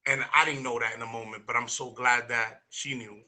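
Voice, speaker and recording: Energetic man with a very bright voice. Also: medium pitch, a little fast. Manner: earnest, repeats words when emotional. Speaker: guest. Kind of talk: heartfelt personal testimony.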